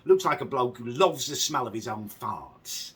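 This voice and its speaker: A man's voice: medium pitch, expressive, normal speed, fairly bright tone, breathy edge, far from the mic. A man hosting a reaction video, ranting sarcastically and sounding exasperated. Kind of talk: casual reaction commentary.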